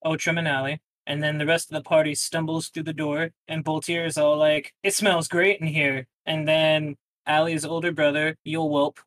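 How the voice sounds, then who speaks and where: A man casually recapping a tabletop game session, rambling and slipping into quick quoted lines. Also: fairly high pitch, completely flat delivery, a bit bright, no room sound, low-quality recording.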